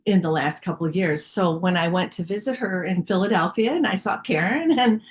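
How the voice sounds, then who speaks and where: A woman's voice: lowish voice, expressive, fairly quick. A woman sharing a personal story in a casual spiritual group, candid and chatty with many fillers.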